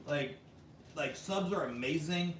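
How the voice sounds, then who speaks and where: An American man with a fairly high, fairly bright voice hosts a casual vlog livestream, reading viewer comments in an unhurried, chatty way full of fillers and laughs. He sits a bit off mic and far away, with roomy echo and a faint hum behind him.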